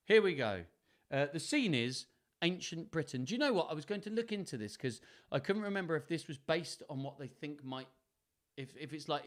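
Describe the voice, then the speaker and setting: A man hosting a live story stream, chatting playfully between readings and trying out accents. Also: mid-range voice. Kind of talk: casual storytelling and chat.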